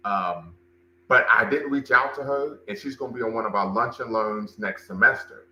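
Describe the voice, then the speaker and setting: A man's voice: medium pitch, normal speed, bright, forceful tone, roomy sound, slight background noise, low-quality recording. A man hosting a livestream, commenting and talking with his chat, emphatic and repeating phrases for stress. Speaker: livestream show host and cultural center director.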